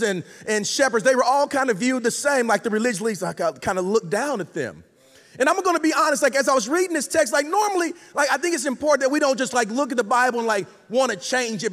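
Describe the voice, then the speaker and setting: A man's voice: very high-pitched, fairly bright tone. A man preaching a casual, joking sermon in slangy talk, often saying "like" and stumbling over words. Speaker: guest pastor. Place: large church auditorium. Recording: long reverb in a large hall.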